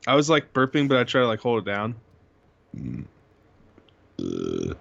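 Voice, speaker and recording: A man's voice: medium pitch, huge pitch swings, unhurried, gravelly, fairly bright tone. A young man co-hosting a casual podcast, joking around and swearing freely. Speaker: podcast co-host. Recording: dull lo-fi sound.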